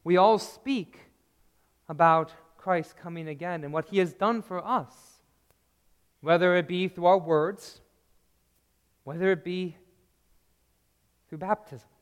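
Guy preaching real slow, earnest, goes quiet on the big lines, church echo all around. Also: clear, resonant tone. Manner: slow, earnest preaching with deep, quiet drops at key phrases. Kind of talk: sermon. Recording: long reverb of a large hall.

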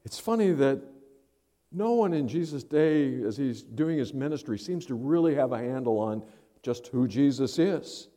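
A man preaches a sermon in a relaxed, conversational way, as if thinking aloud. His voice sits at an average pitch for a man. A long reverb hangs on his words in a large hall. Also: moderate pace. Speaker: pastor.

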